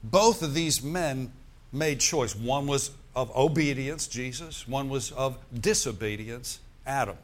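A man preaching a sermon, slowing down to stress key words and asking the congregation "Amen?" between points. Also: mid-range voice. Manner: preacher's call-and-response with "Amen?" and "Praise the Lord". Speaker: pastor.

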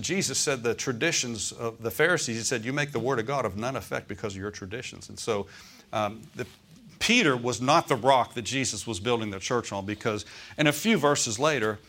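A male pastor preaches to his congregation in a voice of middle pitch. He slows down to lean on key words and keeps stopping to ask for an amen. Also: pushed and bright. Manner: preacherly, calls for amens, slows on key phrases. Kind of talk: sermon. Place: church.

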